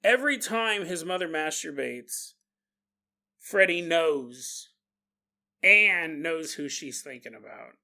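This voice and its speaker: A man's voice: fairly high pitch, lively intonation, takes it slowly, vocal fry, bright, forceful tone. A man hosting a paranormal podcast, retelling a strange story with comedy, laughing often and slipping into mock voices for the people in it. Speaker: podcast host.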